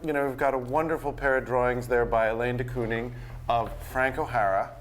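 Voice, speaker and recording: Curator guy jumping in with details on a panel, mid-pitched, faint hum in the room. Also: fairly even intonation, fairly quick. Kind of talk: panel conversation. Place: art gallery talk.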